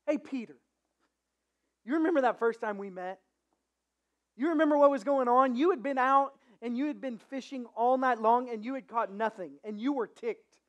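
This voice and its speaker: A pastor voicing Jesus as a gentle man who softly recalls old times with a friend during a dramatized sermon story. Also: mid-range voice, normal speed, dull audio, lightly acted. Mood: reminiscing.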